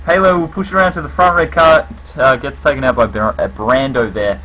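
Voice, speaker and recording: Male play-by-play caster, bright and punchy, calls kills with sudden lifts. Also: mid-range voice, a little hiss or hum, low-quality recording. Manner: rapid calls with bursts of excitement on kills. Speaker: esports commentator. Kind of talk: live play-by-play game commentary.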